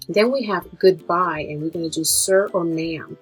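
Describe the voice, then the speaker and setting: Husky-voiced woman teaching a lesson. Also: on the low side, soft background music, low-quality recording. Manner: slow, drawn-out pronunciation of Spanish words. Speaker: nurse teaching Spanish. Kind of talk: slide-based language lesson.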